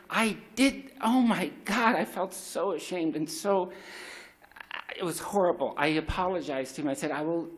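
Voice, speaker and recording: A man's voice: high voice, normal speed. A middle-aged man telling a raw, confessional personal story at a live story slam, swearing freely and restarting his sentences.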